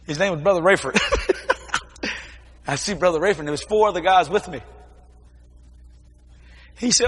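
Male preacher, bright forceful delivery, folksy storytelling with shouted bursts, long hall echo. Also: high-pitched, moderate pace, pauses often, slightly rough. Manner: animated storytelling with shouted exclamations; folksy, informal grammar. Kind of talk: testimony sermon.

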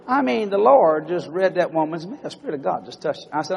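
A man's voice: fairly high pitch, fast talker, creaky, few pauses, big-room sound, slight background noise. A man preaching a folksy storytelling sermon and acting out dialogue. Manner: folksy, animated, acts out dialogue.

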